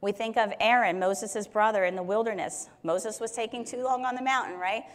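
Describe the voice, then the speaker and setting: A woman's voice: medium pitch, brisk. A woman teaching on Scripture in a conversational way, explaining verses with everyday examples. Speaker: Bible teacher. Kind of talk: Bible teaching talk.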